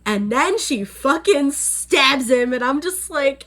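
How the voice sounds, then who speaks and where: A woman's voice: sits high, lively intonation, takes it slowly, few pauses, fairly bright tone. A young woman casually recapping an anime episode on camera, chatty and full of fillers. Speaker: anime reviewer. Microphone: on-camera setup.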